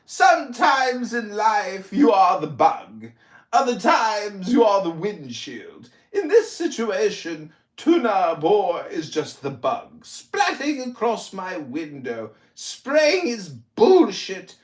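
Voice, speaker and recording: A man in his forties, hosting and trading loud insults and roasts in a heated online voice chat. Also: sits high, wildly swooping pitch, takes it slowly, roomy sound. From United States. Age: 40s. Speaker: podcast host and political candidate. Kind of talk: heated online audio-room argument.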